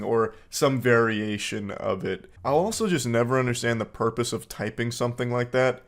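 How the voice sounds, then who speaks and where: Host, male, 30s, dry deadpan delivery, sarcastic comedic commentary, mid pitch. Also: moderate pace, few pauses. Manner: deadpan, sarcastic, with mocking put-on voices for quotes. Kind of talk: comedic commentary reading text messages.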